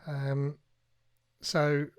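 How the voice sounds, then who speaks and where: A man hosting a live tech tutorial, reading instructions aloud and thinking out loud as he goes. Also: on the high side, completely flat delivery, drawn-out words, smooth, no echo, studio quality. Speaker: tech streamer.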